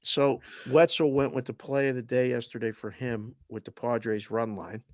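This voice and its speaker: A man's voice: mid-range voice, fairly even intonation, moderate pace, no room sound, studio quality. A man co-hosting a sports betting show, teasing his partner and pushing his picks hard. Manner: teasing, emphatic about picks. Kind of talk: casual sports talk banter.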